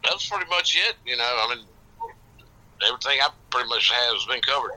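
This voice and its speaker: A man with a Southern US accent, a podcast co-host speaking in a halting, hesitant way. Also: medium pitch, lively intonation, sharp tone, low-quality recording. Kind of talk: casual podcast chat.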